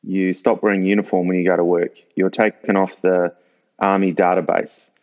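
A man with a fairly low voice recalls his army days as an interview guest, unhurried and full of "um"s. The sound is dull and lo-fi, lacking crispness. He talks like someone who has a long story and enjoys telling it. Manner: relaxed anecdotal, drawn-out fillers. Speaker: guest, former soldier.

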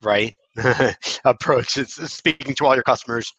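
A man's voice: mid-range voice, moderate pace, a bit bright, breathy edge, no room sound, highs cut off. A man hosting a podcast in casual chat, blunt and jokey, often cutting in with his own examples. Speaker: podcast host.

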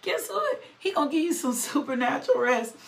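A middle-aged woman preaches. Her voice sits slightly high, and she moves between reading scripture and animated call-outs to her listeners. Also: fast talker. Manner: animated, calls to the audience with "right?" and "come on now". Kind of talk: sermon.

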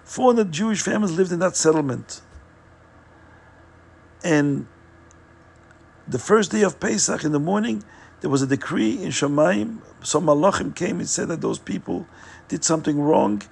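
A male podcast host tells a religious tale earnestly, often circling back over his words. His voice is strongly gravelly and husky, set a little high. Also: lively intonation, normal speed, long pauses. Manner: earnest, repetitive retelling. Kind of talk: religious storytelling.

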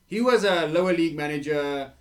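A man co-hosting a casual football podcast, talking in an animated, exclaiming way and calling his friends "bro". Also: a little high, a little fast. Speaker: podcast co-host.

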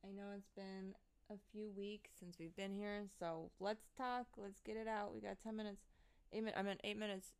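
A woman's voice: mid-range voice, steady tone, normal speed, smooth. A woman in her thirties hosting a live show and chatting casually with viewers. She is loose and chatty, laughing and swearing often. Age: 30s. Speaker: livestream host.

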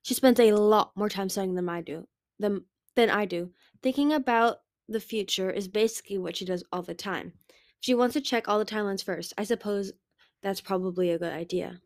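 A woman's voice: mid-range voice, brisk, dry recording, close to an everyday voice. A brooding young male dragon speaks from a storybook in an earnest, pleading way. He sounds intense but troubled, as a woman reading aloud voices him. The recording is dry and close.

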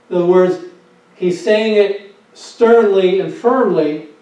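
High-voiced pastor preaching in an echoey hall. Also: male voice, a little slow, mellow. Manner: emphatic preaching with rhetorical questions and repeated phrases. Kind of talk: sermon. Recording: echoey, dull sound from a distant mic.

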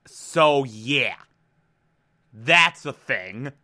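A young man hosting a casual show, recapping an episode in an animated, emotional way with free swearing and loud rants. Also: medium pitch, extremely slow. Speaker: podcast host recapping a TV episode.

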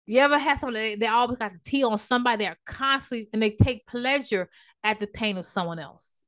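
A woman preacher delivering a sermon, emphatic at times and dropping to a hush for storytelling. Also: fairly high pitch, fast.

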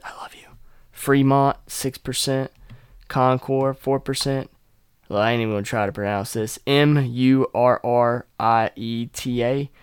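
A man's voice: medium pitch, clean tone, no echo, clean studio sound. A young man hosting his own podcast, chatting casually, rambling, joking crudely and laughing often. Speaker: podcast host. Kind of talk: casual solo podcast chat.

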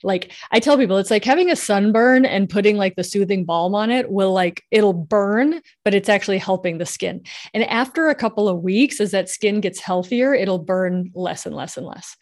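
A woman's voice: mid-range voice, moderate pace, hardly any pauses, darkish tone. A woman hosting a live podcast, answering listener questions in a chatty way with many fillers. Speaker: podcast host and sexual health coach. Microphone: headphones with mic.

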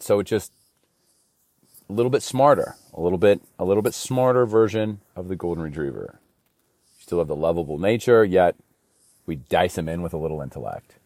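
A man's voice: sits low, darkish tone, dry recording. A man talking in a rambling, slangy casual monologue in a studio, saying bro a lot.

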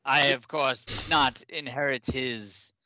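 A man's voice: medium pitch, pushed and bright. A man voicing a timid, nervous male goblin who stammers through his lines. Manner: hesitant, stammering, with halting restarts. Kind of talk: tabletop role-play character voice.

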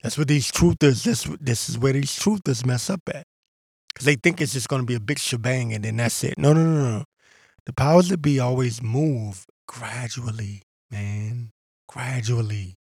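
A man's voice: mid-range voice, normal speed, a little mellow, husky, no echo. A man hosting a podcast, talking in a ranting, combative way and mocking others in put-on voices. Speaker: podcast host. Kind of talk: casual monologue.

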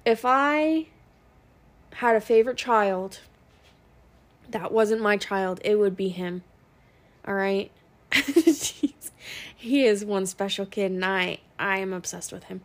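A woman's voice: mid-range voice, slow, pauses often. A young woman, a working mother, talking in a blunt, profane, venting monologue. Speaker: working mom podcaster. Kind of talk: casual monologue.

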